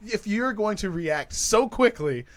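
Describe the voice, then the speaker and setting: A man guest on a comedy podcast, telling a story in a lively way and acting out other people's lines. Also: sits high, unhurried. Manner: animated, acts out other people's voices.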